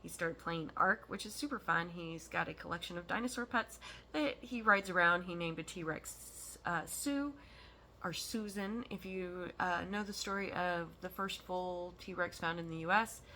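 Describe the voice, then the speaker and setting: A woman's voice: on the low side, normal speed, sharp tone, slight background noise. A woman hosting a stitching vlog from home, chatting casually and rambling with frequent ums and laughs. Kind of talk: casual chat.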